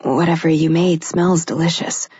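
A woman plays a shy young woman in a romance audiobook, teasing and wry. The voice sits low and dark with a husky edge, on a dull lo-fi recording. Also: fairly even intonation, normal speed, no room sound. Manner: soft, wry and playful.

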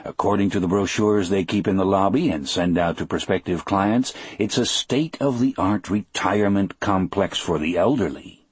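A man's voice: low-pitched, moderate pace, hardly any pauses, breathy edge, dry recording. A man reading a novel aloud as a first-person audiobook narration, telling it dramatically.

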